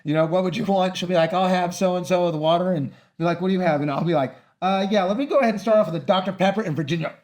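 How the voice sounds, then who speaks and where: A middle-aged man co-hosting a podcast in casual chat, telling lively stories and acting out other people's voices. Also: sits high, rapid-fire, few pauses. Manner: animated storyteller, acts out voices. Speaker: podcast co-host.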